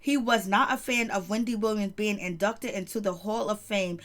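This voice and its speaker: A woman's voice: medium pitch, fairly even intonation, moderate pace, fairly bright tone. A woman giving casual, sassy celebrity gossip commentary, chatty and calling listeners "baby". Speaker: commentary vlogger.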